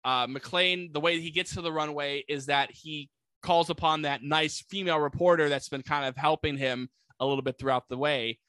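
A man tells a movie's story in loose, chatty fashion, packing his sentences with "like" and slipping into quick voices for the characters. His voice sits a bit high and sounds bright and forward. The recording is dry and close, with no room around him. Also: dry recording. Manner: animated, acts out characters with voices; many "like" fillers. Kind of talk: casual movie recap.

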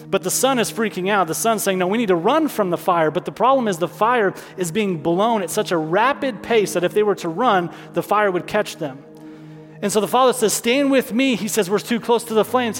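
High-voiced pastor preaching in a hall. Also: male voice. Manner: call-and-response preaching, repeats lines for emphasis. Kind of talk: sermon. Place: church hall. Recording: long hall reverb, soft music behind.

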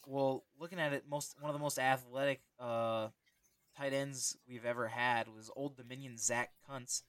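A man co-hosting a sports podcast in casual chat, rambling and animated, reading stats aloud. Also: medium pitch, normal speed, smooth, no room sound. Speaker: podcast co-host.

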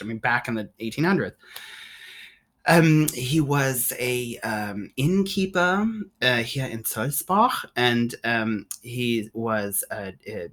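A man telling a story as a podcast guest, excited and rambling, with lots of "like" and restarts. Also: medium pitch, a little slow. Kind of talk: casual storytelling.

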